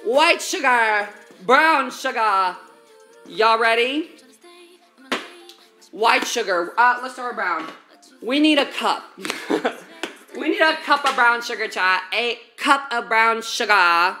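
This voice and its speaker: A woman's voice: a little high, lively intonation, slow, pauses often, pushed and bright, soft background music. A young woman streaming while she bakes, chatting in slangy, profane valley-girl talk straight to her viewers from a home kitchen. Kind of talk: casual baking livestream chat.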